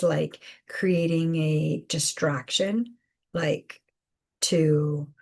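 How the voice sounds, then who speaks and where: A woman hosting a live spiritual guidance session, speaking softly with many fillers and repeated phrases. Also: sits low, slightly rough. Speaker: intuitive guidance host.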